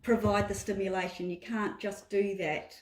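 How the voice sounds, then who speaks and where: A woman's voice: medium pitch, level tone, normal speed. A woman asking a dog trainer hesitant questions and answering in short agreeing replies. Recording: roomy, distant from the mic.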